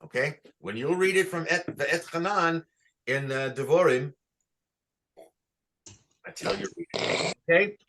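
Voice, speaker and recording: A man teaching a class on chanting, who asks patient questions and sings short phrases slowly to show how they go. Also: a little high, a bit bright. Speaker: cantor teaching Torah chanting. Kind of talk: online class, chanting examples.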